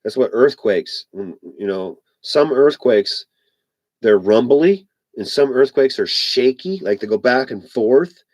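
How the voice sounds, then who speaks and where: A man tells a personal story in a loose, rambling monologue, circling back with "I was like" again and again. His voice sits at an ordinary middle pitch. The recording is dry and close, with no room sound. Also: expressive, measured pace, a little mellow, no room sound. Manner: rambling, repeats "I was like", many fillers. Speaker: vlogger.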